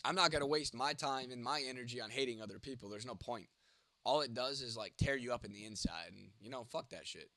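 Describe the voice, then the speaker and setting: A man hosting a live stream in a loose, rambling, profane way, talking directly to his viewers. His voice sits at a middling pitch. The sound is dry and close, with no room echo. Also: brisk, sharp tone. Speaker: livestream host reading chat. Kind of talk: casual live-stream chat.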